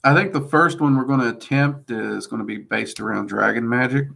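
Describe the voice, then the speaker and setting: This livestream host, a man with a mixed Kentucky–Louisiana Southern accent, has a mid-range, creaky voice with a sharp tone and talks a little fast. He answers chat casually, rambling and hesitant, full of ums and friendly asides.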